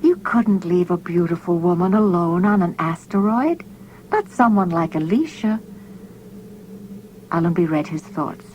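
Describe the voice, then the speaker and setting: Female audiobook narrator, measured and dramatic, slightly low pitch. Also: expressive, darkish tone, lo-fi sound, a little hiss or hum. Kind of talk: scripted narration.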